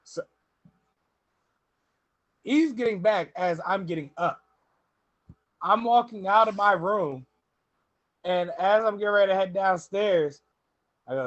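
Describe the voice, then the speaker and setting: This is a young man telling drinking stories on a casual podcast. His voice is high for a man, and he keeps acting out the people in his stories. The recording is dry and slightly dull. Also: measured pace, long pauses, no room sound. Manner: animated storyteller, laughs often, quotes people. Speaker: podcast host.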